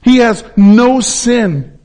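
Male preacher, high-pitched voice, emphatic sermon delivery with repetition for stress. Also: animated, warm tone. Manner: emphatic, repeats words for stress, drops low and slow on key points.

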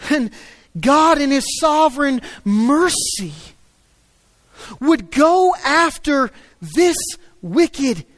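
A man preaching a sermon, swinging between loud emphatic stresses and low quiet asides. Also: lively intonation, extremely slow, long pauses, no room sound. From United States. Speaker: pastor.

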